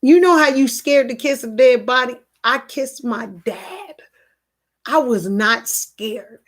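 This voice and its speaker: A woman with a high-sitting voice speaks slowly as she hosts a live stream from home. She tells her viewers a personal story and reads their comments earnestly, repeating herself and restarting often.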